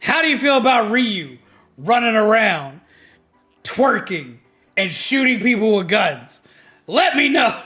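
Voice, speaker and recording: A man streaming a game, chatting casually with his viewers, ranting with lots of energy, swearing freely and shouting greetings to his chat. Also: high-pitched, sing-song, unhurried, faint music behind.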